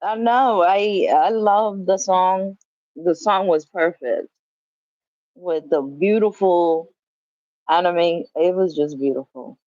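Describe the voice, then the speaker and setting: A woman's voice: fairly low pitch, takes it slowly, a little mellow, dry recording, lo-fi sound. A woman chatting casually on a livestream from home, swearing freely and laughing as she reads the chat. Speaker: livestream host. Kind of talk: casual live-stream chat.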